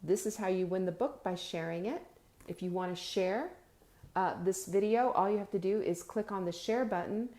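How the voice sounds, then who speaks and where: A woman's voice: medium pitch, normal speed. A woman gives an emphatic, motivational live-stream talk and speaks straight to her viewers. She stretches out her key words and often repeats a word before she carries on. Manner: addresses viewers warmly and directly, reads their comments aloud. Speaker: host of a live video show.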